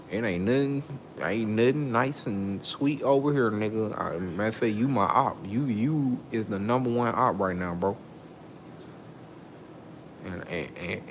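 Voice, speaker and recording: Talking directly to camera, this male vlogger delivers a heated, furious monologue in a low-set voice full of swearing. His pitch jumps sharply whenever he gets riled up, over a faint background hum.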